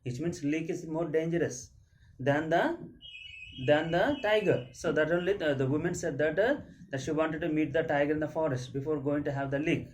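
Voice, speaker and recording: A male teacher with an Indian English accent walks a class through a story, somewhat high for a man. He reads a line, then explains it in his own words, pausing on fillers and starting sentences over. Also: a little hiss or hum. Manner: reads lines aloud, then paraphrases with many fillers and restarts. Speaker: school teacher.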